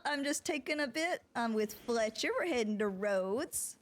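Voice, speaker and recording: Animated high-voiced woman telling a story. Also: moderate pace. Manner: animated, laughing storyteller with a Southern drawl. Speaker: roleplay streamer playing a deputy. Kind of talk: casual in-character storytelling.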